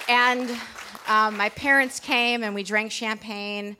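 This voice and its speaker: A woman's voice: fairly high pitch, steady tone, measured pace, bright, forceful tone, some chatter behind, slight background noise. A woman pastry chef telling a candid personal story to a live audience in a packed bar, chatty and full of restarts. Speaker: pastry chef giving a talk.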